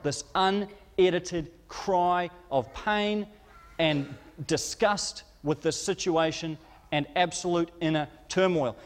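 A man preaching a sermon, impassioned, acting out quoted cries to God with rising urgency. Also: high voice. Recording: long hall reverb.

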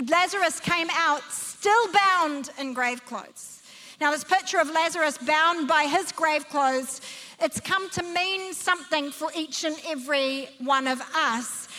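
A woman preaches with a high, bright voice that rises and falls as she paints the story for her listeners. She leans hard on key words in an emphatic, storytelling manner. Her voice rings out with a long reverb from a large hall. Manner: emphatic, vivid storytelling with sweeping pitch. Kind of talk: sermon.

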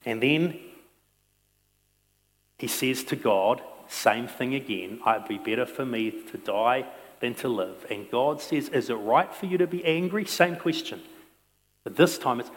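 A male pastor preaching a sermon. He swings between loud, emphatic stretches and quiet, intense ones. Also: medium pitch, moderate pace, long reverb tail. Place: church sanctuary.

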